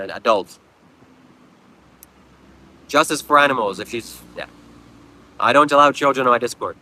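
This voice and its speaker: Outdoors at a beach, a man hosts a live stream in a medium-pitched, sharp-toned voice, reading viewer comments aloud. He answers them with blunt, preachy, mocking lectures. The recording quality is low.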